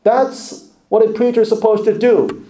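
A man preaching a sermon in a high, mellow voice. He talks emphatically, then drops into quiet asides. The room around him is echoey. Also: steady tone, normal speed. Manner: emphatic, rising and dropping to hushed asides.

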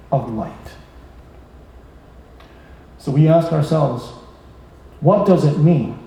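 A man preaching a sermon, emphatic, rising and slowing down to stress his points. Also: on the high side, mellow. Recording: echoey hall from far off.

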